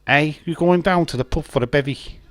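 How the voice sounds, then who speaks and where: A man's voice: fairly high pitch, brisk, a bit bright, dry recording, voice pushed up, natural voice. A man doing an exaggerated Liverpool accent, impersonating a cheery football star in a matey, sing-song way. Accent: Liverpool put-on.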